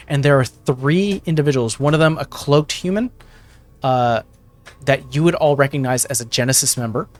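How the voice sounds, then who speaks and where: A man as game master, describing a tabletop game scene with many fillers and self-corrections. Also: mid-range voice.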